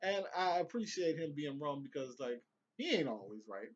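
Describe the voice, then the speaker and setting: A man's voice: on the high side, big pitch swings, moderate pace, highs cut off. A young man giving casual, profane, rambling commentary on a TV episode he just watched, with laughing asides. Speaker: vlogger reviewing a TV episode.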